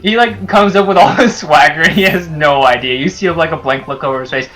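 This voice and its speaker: A man's voice: fairly high pitch, fast, sharp tone, low-quality recording. A man narrating a tabletop game as game master, describing scenes loosely with many fillers.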